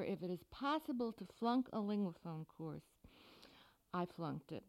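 Woman author, American, middle-aged, lowish voice, wry deadpan scripted radio talk. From United States. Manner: dry wry humor, deadpan asides. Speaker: humor author.

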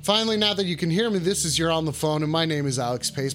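A man hosting a call-in livestream, swearing a lot and shouting the same catchphrase over and over. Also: on the high side, expressive, fast talker, hardly any pauses, faint music behind. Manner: rowdy, swearing, repeats his shouted catchphrase. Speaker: call-in stream host. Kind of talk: profane casual livestream banter.

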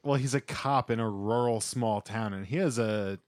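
A man's voice: on the low side, moderate pace, darkish tone, no echo, studio quality. A man co-hosting a podcast, talking in a joking, sarcastic casual chat. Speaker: podcast co-host.

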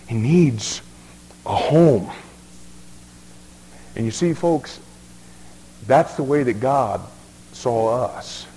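A man's voice: mid-range voice, expressive, slow, long pauses, warm tone, slightly rough. A male pastor preaching a sermon in a folksy, emphatic way, often repeating words as he restarts. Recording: long reverb of a large hall.

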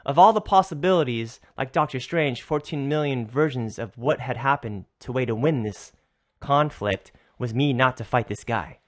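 A young man hosting a podcast, telling a story in a loose, animated way and swearing a lot. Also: medium pitch, normal speed. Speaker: podcast host. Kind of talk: casual storytelling.

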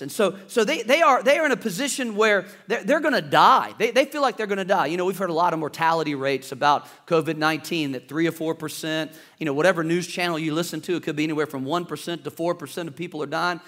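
Male pastor preaching, high voice, dramatic and animated delivery. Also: fast, hardly any pauses. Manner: preaching with dramatic shifts, acting out panicked voices. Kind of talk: sermon.

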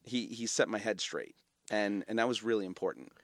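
Low-voiced man telling family stories. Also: fairly quick, no room sound, studio quality. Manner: animated storyteller, many fillers and restarts. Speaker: guest, media company founder. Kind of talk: casual interview storytelling.

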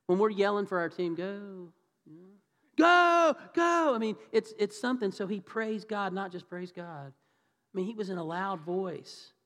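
A man preaching a conversational sermon in church, asking the congregation questions and acting out the voices of the people in his story. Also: sits high. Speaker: pastor. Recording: reverberant church hall.

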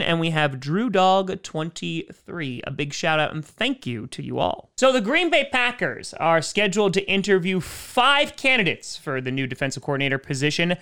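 A man's voice: sits high, pushed and bright, smooth. A man hosting casual fan commentary on football, chatty and opinionated. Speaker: sports commentary host.

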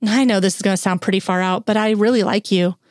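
A woman's voice: medium pitch, steady tone, quick pace, a little mellow, dry recording, studio quality, close to an everyday voice. Woman voicing bubbly ditzy college girl. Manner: gushing, breathless valley-girl chatter. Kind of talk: audiobook character voice.

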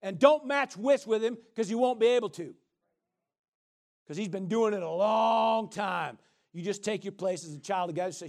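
Middle-aged guy preaching, high voice, animated, calls out to the crowd, laughs and shouts. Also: normal speed, vocal fry. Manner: animated, call-and-response with congregation, bursts of laughter and shouting. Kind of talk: sermon.

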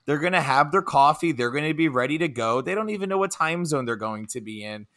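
A man's voice: a little high, animated, a little fast, fairly bright tone. A man, a father, co-hosting a casual sports podcast with a joking, teasing manner. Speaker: podcast host.

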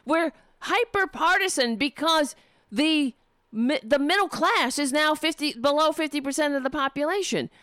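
A woman's voice: high voice, fairly bright tone, no room sound, clean studio sound. A young adult woman hosting a political show from home, reading an op-ed aloud and breaking in with sarcastic, profane commentary while losing her voice. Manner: sarcastic, profane, interrupts herself.

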